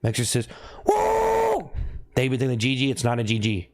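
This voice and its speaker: A man talking casually on a live stream, thanking viewers by name and asking if he looks upset, with sudden high whoops. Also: steady tone, racing. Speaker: livestreamer.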